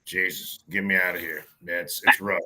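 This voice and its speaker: Low, very bright-voiced joking man. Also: flat delivery, normal speed. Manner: joking, profane banter. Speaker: podcast co-host. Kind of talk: casual chat over beers.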